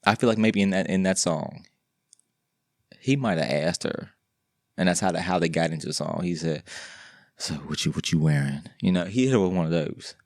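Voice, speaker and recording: A man's voice: sits low, brisk, vocal fry, a little mellow, dry recording, clean studio sound. A man hosting his own podcast, talking alone in a rambling, slangy, joking way with lots of restarts. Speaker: podcast host. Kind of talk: casual solo podcast monologue.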